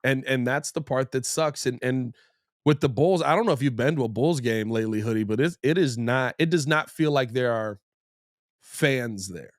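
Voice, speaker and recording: A young man hosting a sports podcast, rambling excitably with frequent restarts. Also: medium pitch, moderate pace, no room sound, clean studio sound. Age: young adult. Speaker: podcast host. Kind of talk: casual sports podcast banter.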